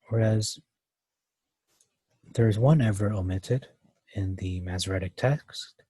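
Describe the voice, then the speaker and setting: A man's voice: fairly low pitch, unhurried, pauses often, warm tone, husky, dry recording. A man teaching a verse-by-verse Bible study, thinking aloud with many fillers and restarts.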